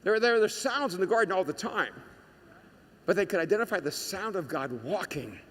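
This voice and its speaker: Animated, bright-voiced male preacher. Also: high voice, fairly quick, in a large hall. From United States. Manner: storytelling, animated, shouts quoted lines. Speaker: pastor. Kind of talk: sermon.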